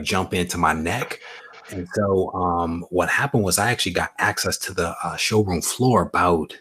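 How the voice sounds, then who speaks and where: A man's voice: sits low, fairly bright tone, breathy edge. A man chatting as a guest on a casual comics livestream, telling stories in a laid-back, easygoing way. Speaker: guest collector.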